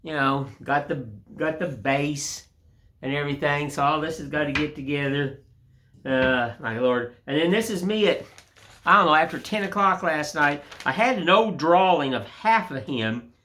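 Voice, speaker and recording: A man's voice: on the high side, moderate pace, bright, forceful tone, a little hiss or hum. Rambling folksy older man. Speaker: woodcarving channel host. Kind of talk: casual tutorial chat.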